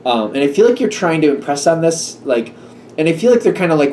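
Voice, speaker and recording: Mellow-voiced man musing through a tarot reading. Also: fairly high pitch, sing-song, brisk. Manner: musing, hesitant, full of fillers and restarts. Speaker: tarot reader. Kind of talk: casual tarot reading monologue. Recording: slightly distant mic with faint room noise.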